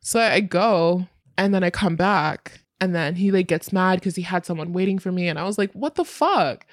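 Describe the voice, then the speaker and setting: A woman's voice: lowish voice, steady tone, moderate pace, dry recording, studio quality. A young woman frankly telling her own story in casual, candid speech, full of fillers and swearing.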